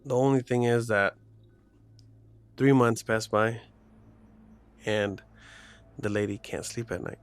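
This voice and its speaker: A man's voice: mid-range voice, steady tone, slow pace, long pauses. A man casually retelling a horror story, rambling with lots of "like" fillers and restarts.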